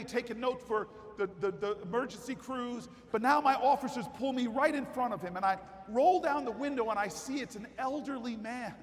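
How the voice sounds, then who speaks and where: A man giving a keynote speech at a political convention, telling a story that builds into shouted rally calls. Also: extremely high pitch. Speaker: keynote speaker. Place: large convention hall. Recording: long hall reverb with faint crowd.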